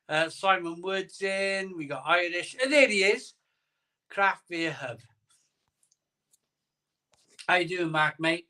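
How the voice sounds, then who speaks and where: A man's voice: high-pitched, slow pace, pauses often, sharp tone. A middle-aged man hosting a live stream, chatting casually, joking and chuckling as he reads out viewer comments. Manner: jokey, chuckles often, storytelling banter. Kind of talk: casual chat.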